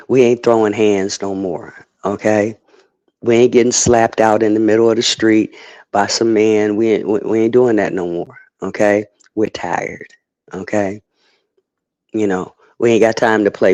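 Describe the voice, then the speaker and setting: Male streamer, lowish voice, heated and emphatic, profane, close dry mic. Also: darkish tone, dry recording, lo-fi sound. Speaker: streamer giving commentary. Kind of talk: unscripted livestream rant.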